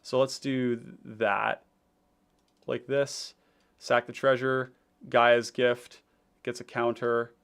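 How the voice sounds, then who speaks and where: A man's voice: mid-range voice, level tone, slow, long pauses, a bit bright, clean tone. Rambling man hosting a casual stream. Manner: rambling, many fillers and restarts, reading chat aloud. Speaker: deck-building host. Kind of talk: casual livestream chat.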